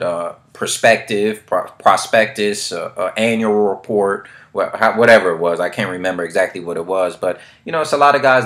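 A man's voice: on the low side, fairly bright tone. A man from the Bay Area talking through a screen share of a real estate company, full of street slang and motivational asides. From San Francisco Bay Area. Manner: hype, preachy motivational asides. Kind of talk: casual screen-share commentary.

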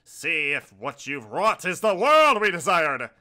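A man voicing a calm, stern rival male villain leader in a game playthrough, measured and lecturing. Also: a little high, exaggerated voice. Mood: urgent.

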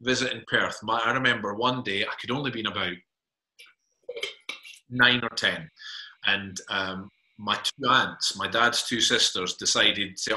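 A man's voice: on the low side, a little slow, sharp tone. A man hosting a casual interview, chatty and hesitant, with lots of fillers. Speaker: podcast host. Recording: echoey room.

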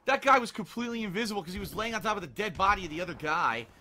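A man's voice: high voice, animated, very fast, sharp tone, slight background noise. A man giving frustrated, swearing commentary over his own gameplay. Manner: frustrated, swearing, ranting at the game. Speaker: gaming commentator. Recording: faint gunfire behind voice. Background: game gunfire and explosions.

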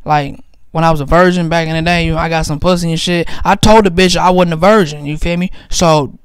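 A man's voice: a little high, fairly even intonation, fairly quick, clear, resonant tone, dry recording, studio quality. A young man telling crude, rambling comic stories about his family, swearing heavily, laughing often and repeatedly asking if you feel him. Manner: swears a lot, breaks into laughter. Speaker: comedian. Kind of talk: profane comedic storytelling monologue.

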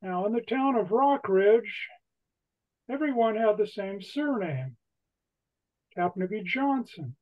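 A woman hosting an online trivia game, reading questions slowly and deliberately with a light laugh now and then. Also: medium pitch, expressive, muffled recording. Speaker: trivia host.

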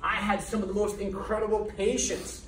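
A man's voice: high-pitched, flat delivery, normal speed. Man, middle-aged, preachy motivational lecturer; distant room recording with faint hiss. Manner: emphatic and preachy, repeating key words and firing rhetorical questions. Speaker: chiropractor lecturing business students. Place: lecture hall at a college. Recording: echoey hall from far off, faint noise.

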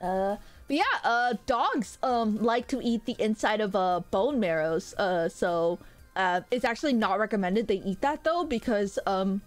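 A woman's voice: mid-range voice, a little slow. A woman streaming as a VTuber, chatting casually with her chat in a rambling way full of hesitant fillers. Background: faint background music.

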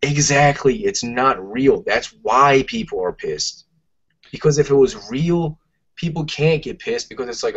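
A man's voice: mid-range voice, a little slow, a bit bright, breathy edge. A man, co-hosting a casual podcast, ranting emphatically and swearing a lot. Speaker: podcast co-host. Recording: muffled lo-fi podcast audio.

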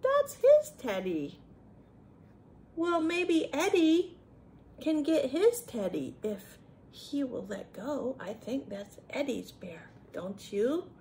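Reading a picture book to children, this woman speaks slowly in a high, somewhat dark voice with lively intonation. She pauses frequently to chat and quiz the kids, turning the read-aloud into a chatty session, with slight background noise in the recording.

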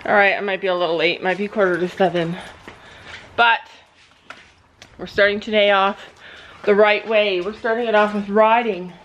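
A woman's voice: fairly even intonation, normal speed, long pauses, a bit bright, muffled recording, slight background noise. Chatty woman vlogger rambling to camera. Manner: rambling storytelling with frequent restarts; high sing-song voice when talking to animals. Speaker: vlogger and horse owner. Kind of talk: casual chatty vlog.

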